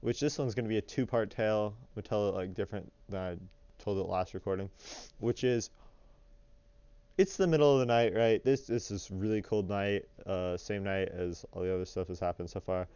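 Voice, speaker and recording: Young guy rambling thru a story, lots of likes, smooth voice, dry muffled recording. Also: fairly low pitch, brisk, no room sound. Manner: rambling, filler-heavy, animated retelling. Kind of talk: casual storytelling voice-over.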